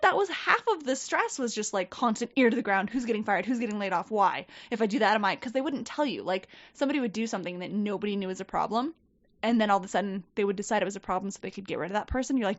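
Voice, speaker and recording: A woman telling a story in casual chat, animated and swearing, acting out quoted people. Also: mid-range voice, fast talker, dry recording. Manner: animated, profane, quotes people in lively voices. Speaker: podcast guest. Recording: dull, dry podcast mic.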